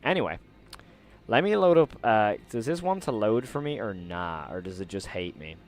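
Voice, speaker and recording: A man's voice: fairly low pitch, expressive, moderate pace. A man streaming live, chatting casually to his viewers with slangy, rambling talk and frequent laughter.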